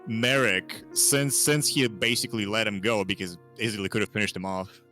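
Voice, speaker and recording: A man's voice: on the low side, fairly even intonation, normal speed, pushed and bright, soft background music. A man playing in a tabletop game, thinking aloud hesitantly with fillers. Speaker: player. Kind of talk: casual table talk.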